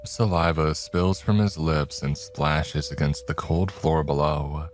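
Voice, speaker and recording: A man narrating a scripted horror story in a slow, measured way. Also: extremely low pitch. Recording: faint background music.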